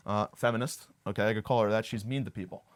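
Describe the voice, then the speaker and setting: A man's voice: lowish voice, steady tone, quick pace. A young man hosting a podcast, delivering a crude, sarcastic comic monologue full of fillers and tangents. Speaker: podcast host. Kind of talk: comedic monologue.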